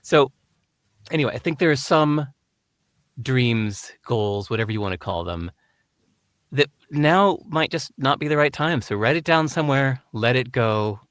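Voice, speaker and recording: A man being interviewed who tells stories in an animated way and acts out the voices. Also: mid-range voice, no room sound. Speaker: guest. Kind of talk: conversational interview, storytelling.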